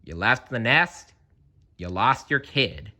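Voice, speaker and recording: A storyteller voicing a firm character who briskly scolds an angry bird in a children's story. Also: mid-range voice, lively intonation, sharp tone, exaggerated voice. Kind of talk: children's story read aloud.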